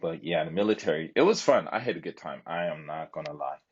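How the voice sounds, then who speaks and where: A man's voice: rumbling low, lively intonation, quick pace, husky, lo-fi sound. A man telling a long story on a live stream in a rambling way, with lots of fillers and asides. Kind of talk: casual storytelling chat.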